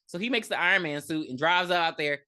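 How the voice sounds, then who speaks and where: A woman's voice: lowish voice, fairly quick, sharp tone. A woman co-hosting a podcast, casually recapping a horror movie with lots of profanity and acted-out quotes. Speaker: podcast co-host. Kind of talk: casual movie review chat.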